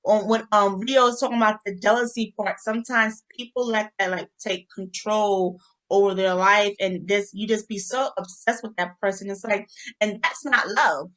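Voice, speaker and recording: A woman's voice: mid-range voice, moderate pace. Chatty New York woman hosting a podcast. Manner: lively, chatty, slangy. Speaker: podcast host. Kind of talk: casual podcast chat.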